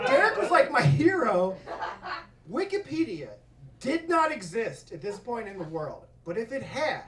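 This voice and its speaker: A man telling a stand-up story on a comedy club stage, profane and animated, often breaking into laughter. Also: extremely high pitch, normal speed, recorded from a distance, some chatter behind. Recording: echoey club miked from afar. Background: audience laughter.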